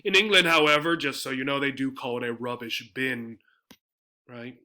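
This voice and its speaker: Bright-voiced man teaching English words. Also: mid-range voice, steady tone, moderate pace. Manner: explanatory, frequent tag "right?" checks. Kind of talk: slide-based vocabulary lesson.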